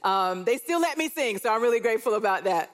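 Lively middle-aged woman preacher. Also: fairly high pitch, quick pace. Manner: warm storytelling with playful quoted asides. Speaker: church speaker. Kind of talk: conversational sermon. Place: church auditorium.

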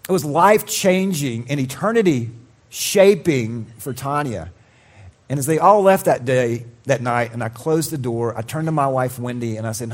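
A man preaching a sermon as pastor, telling a personal story with lively acted quotes and sudden drops to a quiet voice. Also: mid-range voice, normal speed. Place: church.

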